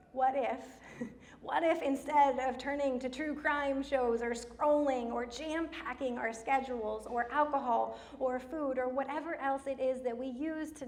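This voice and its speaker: A middle-aged woman preaching a sermon in church, telling stories in an animated way, slowing down for emphasis. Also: high voice. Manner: animated storytelling with laughs and slowed emphasis. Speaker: pastor.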